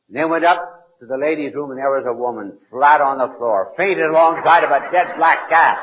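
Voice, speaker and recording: An archbishop telling humorous anecdotes in a deliberate, playful storytelling manner. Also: male voice, a little high, breathy edge. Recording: narrow phone-like old archival recording.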